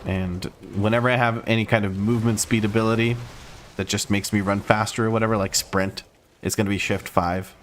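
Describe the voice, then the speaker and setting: Male streamer, American accent, slightly low-pitched, easygoing running commentary over gameplay. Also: flat delivery, a little fast, a little hiss or hum. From Croatia. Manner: easygoing, explains as he plays.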